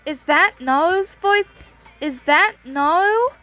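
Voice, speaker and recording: A woman voicing a whiny, excitable teenage girl heroine who scares easily, with faint music behind. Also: very high-pitched, takes it slowly, full character voice. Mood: excited, startled. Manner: whiny and excitable, prone to cries.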